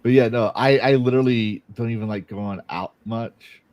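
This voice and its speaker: A man's voice: medium pitch, normal speed, no echo, lo-fi sound. A man hosting a casual interview podcast, blunt and opinionated, joking at his own expense. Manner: blunt and opinionated, self-deprecating. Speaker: podcast host.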